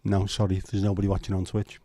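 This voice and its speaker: A man's voice: low-pitched, completely flat delivery, fast talker, warm tone. A man hosting a casual livestream chat, joking and teasing his viewers in loose banter. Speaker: livestream host.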